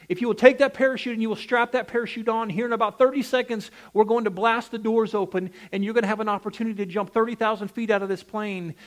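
A male preacher delivering a sermon, with an emphatic preaching cadence that rises and falls, often putting direct questions to the congregation. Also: high-pitched.

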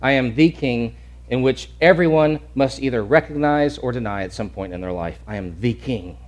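A preacher voicing Jesus as a calm, solemn man declaring his kingship, in a slow, measured delivery. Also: mid-range voice, lightly acted.

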